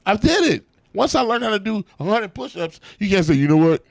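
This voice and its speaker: A man, an actor and comedian, telling profane, animated stories in a casual interview backstage at a comedy club. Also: high-pitched, brisk, vocal fry, no room sound. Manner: profane, animated storytelling with acted-out quotes.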